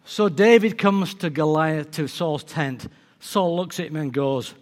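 A man preaching a sermon, telling a story in a lively way and acting out its characters. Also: fairly high pitch, unhurried. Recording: long reverb of a large hall.

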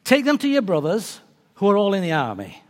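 A man voicing a brisk, friendly father who sends his son on an errand, with a British accent. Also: high-pitched, huge pitch swings. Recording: long reverb of a large hall.

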